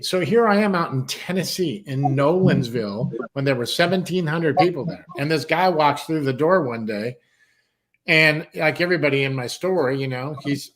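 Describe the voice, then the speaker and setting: A man with a fairly high speaking voice tells a long story with real animation. He acts out each person's lines in a voice of its own and swears in passing as he goes. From San Diego, California. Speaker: guest, country music artist.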